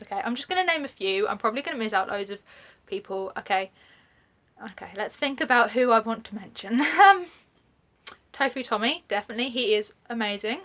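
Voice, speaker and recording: A young British woman with a regional accent chats to the camera in a casual get-to-know-me vlog. Her voice sits on the high side with a fairly bright tone, and she rambles with lots of fillers and laughs.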